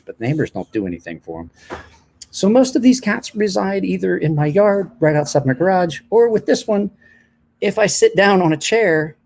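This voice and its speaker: A man's voice: mid-range voice, darkish tone. A man in his forties chatting casually on a late-night live stream, telling rambling stories with a self-deprecating streak.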